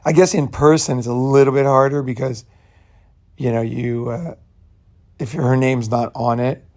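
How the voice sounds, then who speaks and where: A man's voice: medium pitch, fairly even intonation, normal speed, a little mellow. A man hosting his own channel, talking in a loose, rambling way and leaning on "you know" and "right" while speaking bluntly and sometimes profanely. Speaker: channel host. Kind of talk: casual rambling monologue.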